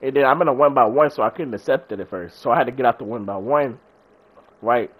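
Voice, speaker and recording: A man who runs a gaming channel, excitedly retelling a match in casual slang. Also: medium pitch, husky, narrow, tinny audio. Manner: slangy, excitable, fast-talking recap. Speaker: gaming YouTuber. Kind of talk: animated storytelling over gameplay.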